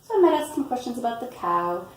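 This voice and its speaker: A woman reading a picture book aloud and explaining storytime tips in a patient way, often pausing with "um" and "you know". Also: fairly high pitch, very animated. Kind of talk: instructional read-aloud tutorial. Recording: roomy, from a distance, faint ambience.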